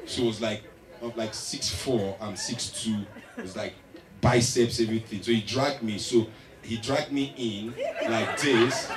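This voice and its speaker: A man with a Nigerian accent telling a stand-up story, animated and getting loud on the punchlines. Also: mid-range voice. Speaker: stand-up comedian. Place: large live venue stage. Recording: echoey hall, distant mic, loud crowd.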